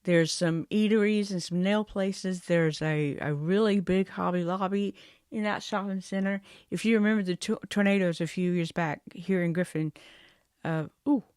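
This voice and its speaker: A woman's voice: fairly low pitch, steady tone, moderate pace, a little mellow, clear, resonant tone, dry recording. Chatty woman, dry close mic. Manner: chatty, exasperated, rambling with asides and laughs. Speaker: vlogger. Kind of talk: casual rant to camera.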